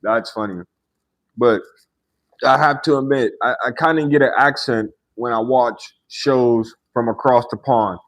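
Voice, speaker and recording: A man with a medium-pitched, fairly bright voice speaks a little slowly as he hosts a casual livestream. He chats with viewers in a laid-back way, laughs often, and tags his sentences with "right?"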